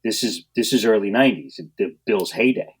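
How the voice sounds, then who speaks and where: Lively low-voiced man telling stories. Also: a little fast, breathy edge. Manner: animated storyteller, acts out quotes, laughs often. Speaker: guest, strength coach. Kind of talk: storytelling in a podcast interview.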